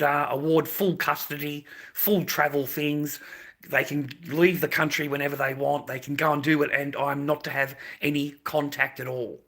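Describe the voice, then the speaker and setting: A man rants on a live stream in a gravelly, husky voice with a tense, sharp edge. He is agitated, circles back to the same phrases, stammers and swears as he talks. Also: a little high. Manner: agitated, repeats phrases, swears, stumbles over words. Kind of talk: emotional livestream rant.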